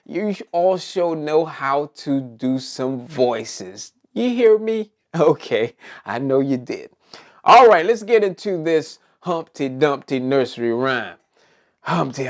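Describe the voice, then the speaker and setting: Very slow, low, lively woman teacher. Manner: sing-song, coaxing, asks children questions. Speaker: preschool circle time teacher. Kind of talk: children's circle-time lesson.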